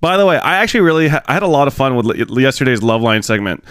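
A man's voice: medium pitch, big pitch swings, very fast, a bit bright, smooth, dry recording, studio quality. A young man reacting to a video on his stream, rambling and bemused as he talks to his chat. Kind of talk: casual stream commentary.

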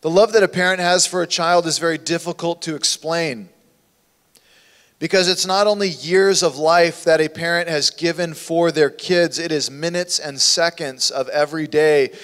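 A man preaching a sermon as a pastor, with impassioned delivery that swings from hushed to loud. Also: on the high side, fairly even intonation, moderate pace. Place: church sanctuary. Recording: long hall reverb in a church.

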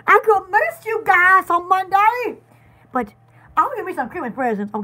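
A woman's voice: very high voice, expressive, normal speed, bright, forceful tone. A woman hosting a live sale, chatty and giggly, stumbling and repeating words. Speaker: live-stream seller. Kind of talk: casual live sale chat.

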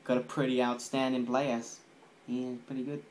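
A man's voice: medium pitch, flat delivery, moderate pace, darkish tone. Rambling, foul-mouthed male vlogger. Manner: swears constantly, loose and rambling. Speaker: gaming channel vlogger. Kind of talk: rambling casual vlog.

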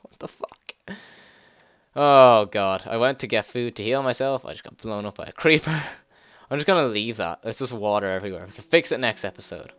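A man giving casual gameplay commentary, excitable, swearing and laughing as he plays. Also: lowish voice, no room sound, studio quality. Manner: excitable, swears and laughs, quick yelps when startled. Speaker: let's play gamer.

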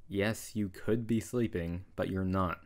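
A man voicing a young male wizard, a sarcastic, scolding best friend who softens into reassurance, in an audio role-play. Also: low voice, fairly even intonation, measured pace. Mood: exasperated.

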